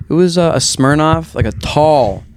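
A man's voice: a little high, animated, moderate pace, clean tone. A man in his twenties hosting a casual chat, telling rambling stories full of swearing. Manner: rambling, profane storytelling.

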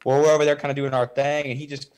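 A man's voice: fairly high pitch, flat delivery, very fast, a little mellow, smooth. A man from the congregation telling a casual, rambling testimony story, full of "like" and fillers. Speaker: church member giving testimony.

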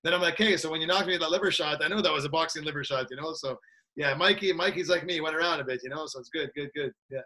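A man chatting as a podcast guest in an easygoing, energetic way, laughing often and tagging his sentences with "that's it". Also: a little high, racing. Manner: energetic, laid-back, laughs a lot, repeats "that's it". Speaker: guest, combat sports trainer. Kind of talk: casual interview chat.

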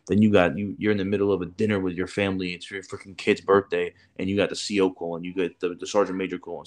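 A man's voice: low voice, a little mellow. A man chatting casually as a podcast co-host, rambling and profane, with lots of "bro" and "like". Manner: loose, profane, peppered with "bro" and "like". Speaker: podcast co-host, former military recruiter. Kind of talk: casual chat.

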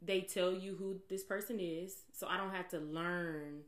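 A woman hosting a casual chat, animated and quick to laugh and exclaim. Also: fairly low pitch. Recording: echoey room.

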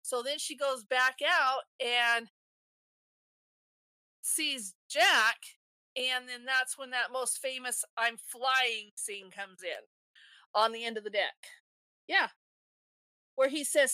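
A woman's voice: high-pitched, takes it slowly, long pauses, pushed and bright, no room sound. A woman co-hosting a podcast, casually retelling a movie's scenes step by step with frequent restarts. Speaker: podcast co-host.

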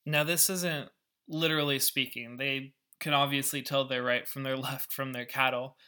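A man's voice: medium pitch, fairly even intonation, normal speed, sharp tone. A man and podcast host who explains a scripture story in a casual, wry way, with asides. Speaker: podcast Bible teacher.

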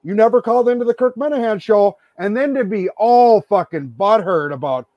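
A man's voice: sits high, animated, moderate pace, hardly any pauses, no room sound, muffled recording. A man co-hosting a podcast, ranting angrily with lots of swearing and mocking impressions. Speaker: podcast co-host. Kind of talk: profane ranting podcast chat.

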